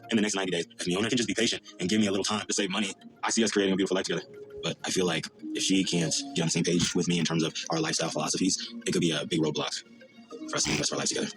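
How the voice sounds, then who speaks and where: A man's voice: deep voice, steady tone, racing. A man in a reality-show confessional interview, speaking in an earnest, reflective way. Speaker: reality show cast member. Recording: background music under voice.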